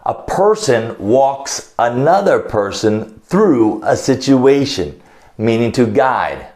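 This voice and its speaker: A man's voice: medium pitch, very animated, slow, a little mellow. A man with an American accent teaching phrasal verbs in a video lesson. He explains each one, mixes in Portuguese, and acts out short phone calls. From United States. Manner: switches between English and Portuguese explanations. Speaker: English teacher.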